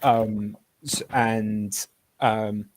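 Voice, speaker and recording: A man on a casual online panel chat who talks haltingly, with lots of restarts. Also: fairly low pitch, steady tone, background noise. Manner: hesitant, many restarts.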